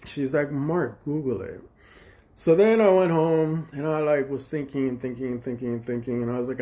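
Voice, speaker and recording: A man's voice: mid-range voice, mellow. A man from Chicago on a phone livestream, telling a long story in a rambling, profane way and acting out both sides of each exchange. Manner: profane, fast-shifting, quotes others in dialogue. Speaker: livestream host.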